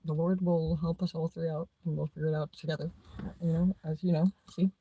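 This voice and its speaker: A woman's voice: low-pitched, level tone, a little fast, mellow, rough recording. A woman hosting a livestream, ranting sarcastically in a profane, combative way, dropping at times into muttered asides. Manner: foul-mouthed, sarcastic, combative. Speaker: livestream host.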